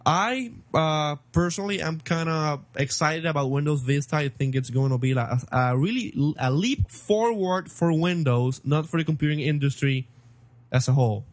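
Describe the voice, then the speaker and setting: A man co-hosting a casual tech podcast, opinionated and quick with banter. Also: on the high side, no room sound. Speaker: podcast co-host.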